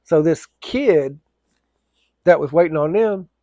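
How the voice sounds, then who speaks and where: A man's voice: on the high side, takes it slowly, warm tone, no room sound, highs cut off. A man telling a casual, rambling story, full of fillers and restarts.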